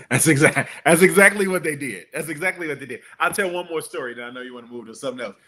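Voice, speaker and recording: A middle-aged man, a guest entrepreneur, telling stories in a casual interview and acting out the people he quotes. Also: fast talker. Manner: animated, acts out quotes with big pitch jumps.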